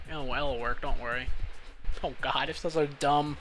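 A man's voice: on the high side, expressive, normal speed, a bit bright, faint music behind. A young man streaming a pool game live, swearing and pleading with the balls as he plays. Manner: swearing, exasperated, talks to the game. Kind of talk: live gaming stream commentary.

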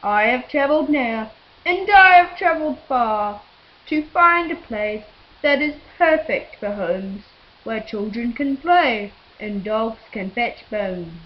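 A woman's voice: a little high, animated, slow pace, dull audio. Woman narrating as a boastful tree-chopping builder. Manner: boastful, sing-song rhyming. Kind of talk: rhyming storybook narration.

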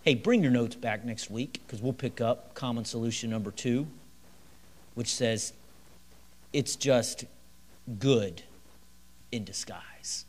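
A man's voice: medium pitch, takes it slowly, pauses often. A middle-aged male pastor preaching a midweek sermon in a church, telling stories with acted-out quotes and chuckles. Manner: lively, storytelling delivery with chuckles and acted quotes. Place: church sanctuary.

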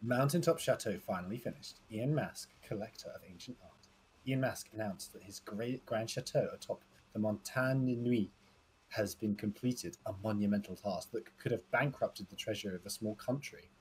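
A man's voice: lowish voice, moderate pace, darkish tone, slight background noise, low-quality recording. A man casually joking and reading game text aloud with a friend while playing. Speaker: co-player. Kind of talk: casual gaming chat.

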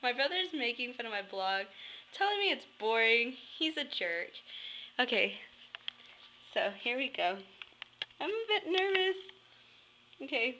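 A woman vlogging casually at home, excitable, prone to squeals and nervous giggles. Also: on the high side, a little slow, long pauses, slight background noise, poor audio. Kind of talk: casual vlog narration.

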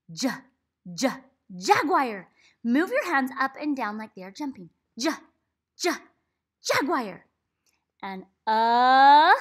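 Bright, lively woman teaching kids phonics. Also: breathy edge. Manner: animated, sounding out letters slowly to a child; big excited praise, gasps and swoops up in pitch. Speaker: children's reading teacher. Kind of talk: read-aloud phonics lesson for kids.

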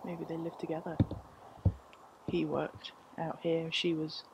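Soft-spoken low woman. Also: flat delivery, unhurried, muffled recording, background noise. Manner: soft-spoken, thinks aloud. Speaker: paranormal investigator. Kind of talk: casual on-location chat.

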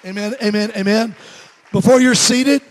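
A man's voice: high voice, fairly even intonation, normal speed, big-room sound. A male evangelist preaching a fervent sermon and leading prayer in a large church sanctuary. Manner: fervent preaching, leads the congregation in responses.

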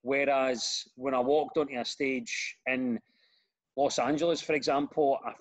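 A middle-aged Glaswegian man, a comedian and radio host, chatting as a podcast guest and telling animated stories with lots of restarts. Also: medium pitch, measured pace. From Scotland. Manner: animated storyteller, repeats words when starting sentences. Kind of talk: casual interview chat.

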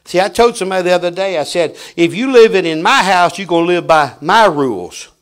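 A middle-aged man preaching with a fairly high voice. He drops to a hush, then rises to a shout as he tells stories from the pulpit. The sermon is dramatic and full of anecdotes. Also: expressive, a little fast. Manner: dramatic swings from hushed to shouting, storytelling preacher.

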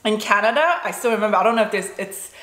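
Speaking very fast with lively intonation, a woman in her forties uses a medium-pitched, fairly bright voice. Born in Korea and a native Korean speaker, she's a vlogger chatting through a story at a mukbang, full of "like" and "you know," recorded in a roomy room with faint noise behind her.

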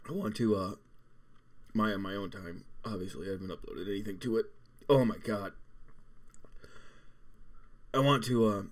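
A young man with a voice sitting on the low side talks casually to his viewers, his eyes streaming from a hot pepper. He keeps groaning and swearing, dropping his sentences halfway and picking them back up. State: teary and burning from hot pepper. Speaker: gaming channel host. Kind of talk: casual vlog chat during a hot pepper challenge.

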